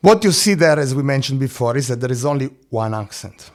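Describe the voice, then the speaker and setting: A man's voice: mid-range voice, animated, fairly quick, slight background noise. A man teaching a drum lesson, counting beats aloud, singing drum syllables and checking in with "no?" and "eh?".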